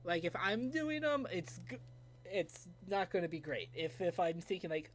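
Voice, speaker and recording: A woman's voice: lowish voice, normal speed. A woman chatting casually over voice chat, hesitant and full of "like" and restarts. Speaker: guest on voice chat.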